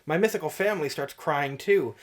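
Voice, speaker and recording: A man's voice: a little high, brisk. Man reading fan fiction aloud, amused. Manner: amused, breaks into laughter while reading. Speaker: radio show co-host.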